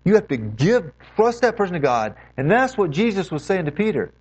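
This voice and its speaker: A man preaching an earnest sermon, his voice rising and falling in lively swings as he urges his listeners on. He stretches out key phrases for emphasis. The recording sounds dull and lo-fi. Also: high voice, a little fast. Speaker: pastor.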